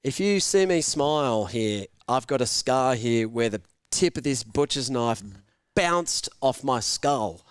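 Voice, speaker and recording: A young man hosting a live sports watch-along, telling a prank story with lots of swearing and shouted voices for the people in it. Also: mid-range voice, a little slow, clear, resonant tone, no echo. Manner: animated, swearing, shouts out voices in his stories. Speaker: host.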